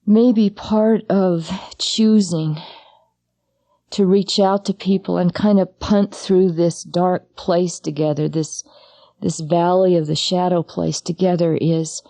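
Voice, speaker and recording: A middle-aged woman who is both a psychologist and a grieving mother gives a personal talk on grief, addressing the listener directly in a halting, intimate manner. Her voice sits on the low side with vocal fry and a dark tone, and there's no echo.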